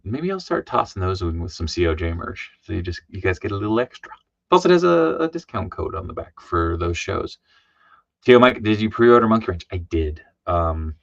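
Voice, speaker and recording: A man's voice: lowish voice, gravelly, no echo. A tired man chatting casually on a livestream, rambling with many fillers and restarts and reading chat messages aloud. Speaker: comic artist streaming live. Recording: dry, dull lo-fi sound.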